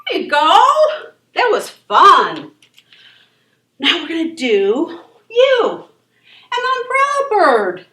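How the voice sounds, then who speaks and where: Woman children's yoga instructor, high-pitched and sing-song, unhurried; recorded far off in a reverberant room. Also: huge pitch swings. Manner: encouraging, gentle and sing-song. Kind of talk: leading a kids' yoga class. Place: library room.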